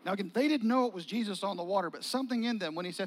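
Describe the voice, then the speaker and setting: A man preaching a sermon in a conversational, animated storytelling manner, often acting out what people said and joking with the congregation. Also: high voice, very fast, hardly any pauses, low-quality recording. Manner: animated, conversational, acts out quotes and jokes. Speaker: pastor.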